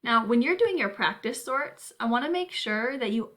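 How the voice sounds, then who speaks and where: A woman teacher giving a recorded spelling lesson to students, speaking in a clear, deliberate way. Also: fairly high pitch, animated, fairly bright tone.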